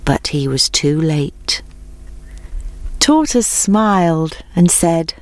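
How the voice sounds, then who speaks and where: A woman narrating a children's story in a gentle, measured way. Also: sits low, expressive.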